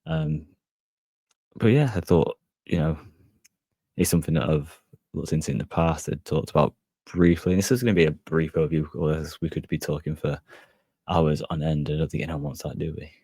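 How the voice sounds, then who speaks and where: A man's voice: very deep voice, fairly even intonation, moderate pace, warm tone, husky, no echo. A man hosting a casual solo podcast, rambling and hedging with lots of fillers. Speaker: podcast host.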